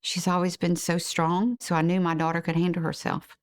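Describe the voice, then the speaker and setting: A woman, the victim's mother, speaking quietly and with restraint in an interview. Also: fairly low pitch, level tone, fairly quick, smooth. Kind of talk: interview testimony.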